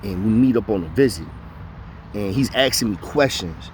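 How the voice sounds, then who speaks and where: A man's voice: lowish voice, animated, moderate pace, slight background noise. A man casually telling profane stories, full of street slang and repeated "know what I mean" fillers. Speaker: storyteller. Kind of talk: casual storytelling.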